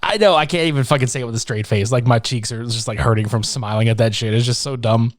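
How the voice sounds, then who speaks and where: A man co-hosting a casual movie review podcast, animated and profane, joking around. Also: mid-range voice, fast talker, no echo, studio quality. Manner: animated, profane, breaks into silly voices. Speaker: podcast co-host.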